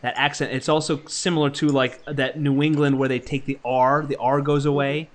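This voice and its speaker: A man's voice: mid-range voice, level tone, normal speed. A man in casual livestream conversation who rambles through his points. He trips over his own sentences and fills the gaps with ums and uhs. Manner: rambling, many fillers and restarts. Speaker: podcast co-host.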